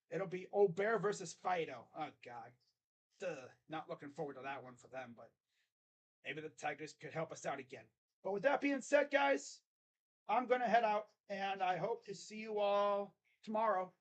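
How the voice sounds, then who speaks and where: A man hosting a live sports reaction stream, chatty and excitable, talking straight to his viewers. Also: sits high, moderate pace.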